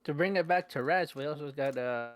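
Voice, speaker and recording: A man's voice: fairly high pitch, brisk, fairly bright tone, no room sound. A man co-hosting a casual hobby podcast, easygoing and rambling with many hesitations. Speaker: podcast co-host.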